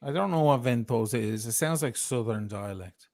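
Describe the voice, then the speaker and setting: A man's voice: mid-range voice, lively intonation, normal speed, gravelly, darkish tone, no room sound, clean studio sound. A man telling a heated, profane story of grievance as a guest on a livestream. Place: lives in Italy.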